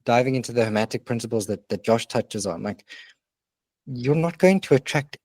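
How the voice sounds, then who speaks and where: A man's voice: mid-range voice, animated, moderate pace, darkish tone, dry recording. A man co-hosting a podcast, coaching in an earnest, emphatic way and swearing now and then. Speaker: podcast co-host. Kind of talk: casual podcast conversation.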